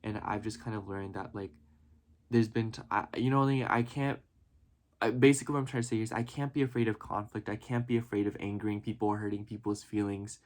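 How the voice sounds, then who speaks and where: Earnest low-voiced man rambling emotionally. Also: steady tone, brisk, darkish tone. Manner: earnest, rambling, heavy on "you know" and "like". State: emotional, near tears at times. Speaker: vlogger. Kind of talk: reflective casual vlog talk.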